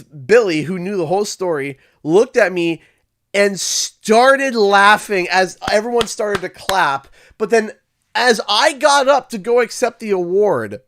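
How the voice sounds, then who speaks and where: A man from Canada hosting a livestream, telling a school story in a casual, animated way. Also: sits high. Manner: animated, acts out quoted voices. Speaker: livestream host.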